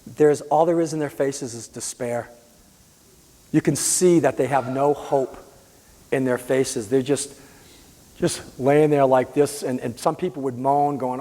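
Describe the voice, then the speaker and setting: A man from the Boston area telling his own illness story as a patient advocate, earnest and halting, with frequent restarts. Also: fairly high pitch, darkish tone, long reverb tail. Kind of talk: personal storytelling.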